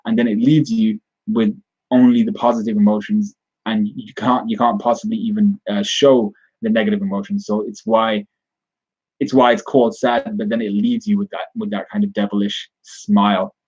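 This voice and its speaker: A man's voice: on the low side, darkish tone, breathy edge, muffled recording. A man giving a casual spoken recap and review of a comic chapter, rambling with frequent restarts and self-corrections.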